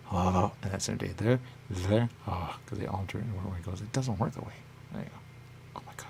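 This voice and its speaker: A man talks on his own as a radio host, his voice very deep with a gravelly fry. He rambles in loose circles and keeps coming back to the same catchphrase. A faint noise sits under the recording. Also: steady tone, fairly quick, a little mellow. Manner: rambling, repeats "there you go" constantly; acts out others in a high voice. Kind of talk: rambling solo talk.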